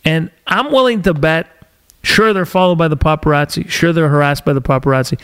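A man's voice: fairly high pitch, a little fast, fairly bright tone, clean tone. A man hosting a podcast from a studio, delivering an agitated, sarcastic opinion monologue. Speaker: podcast host.

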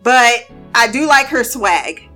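A woman talks through a TV episode in loose, casual reaction commentary, her voice bright and forward. She is animated and quick to laugh, tossing in playful asides. Soft music plays faintly underneath. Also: fairly high pitch. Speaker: TV episode reviewer.

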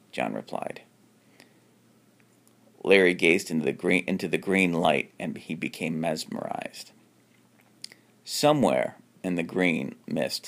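A man reading his own homemade horror story aloud, stumbling and restarting often, and jumping up in pitch for the characters' lines. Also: vocal fry. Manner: unpolished reading with frequent restarts.

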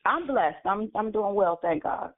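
A woman hosts a morning prayer call and greets each caller warmly, blessing them one by one. Her voice comes through a narrow phone line at an ordinary mid pitch. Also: lively intonation. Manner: warm, quick to bless callers.

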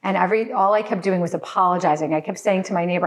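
A woman's voice: on the low side, fast, a little hiss or hum. Tearful woman telling a frightening story. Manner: tearful, apologetic, restarts often. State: crying at times. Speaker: guest. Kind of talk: emotional personal story in a podcast conversation.

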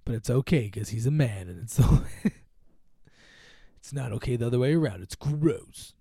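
A man's voice: medium pitch, animated, moderate pace, warm tone, breathy edge, no echo, clean studio sound. A man hosting a casual chat, rambling through a movie plot with lots of swearing and filler words. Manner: rambling, swears freely, acts out quoted lines. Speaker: podcast host recapping a movie.

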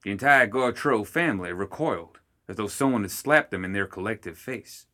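A man reading a story aloud in steady, measured narration. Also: fairly low pitch. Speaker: audiobook reader. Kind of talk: scripted narration.

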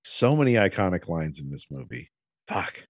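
A man's voice: low-pitched, normal speed, no room sound, studio quality. A man in his forties co-hosting a casual movie recap chat, telling stories and swearing freely. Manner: animated storyteller, swears freely. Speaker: podcast co-host.

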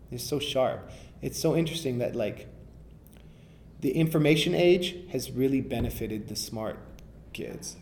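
A man's voice: medium pitch, expressive, unhurried, darkish tone, a little hiss or hum. A man, a rapper, talking casually in an interview, rambling and restarting often with enthusiasm.

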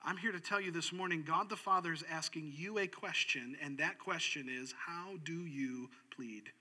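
Male pastor, high voice, animated sermon delivery with sharp dynamics. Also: brisk, breathy edge. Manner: animated, swings from loud to hushed.

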